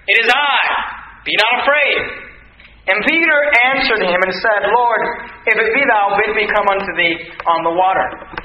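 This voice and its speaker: A man preaching a sermon, reading scripture aloud and then explaining it with animated asides. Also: high voice, moderate pace, roomy sound, muffled recording, slight background noise.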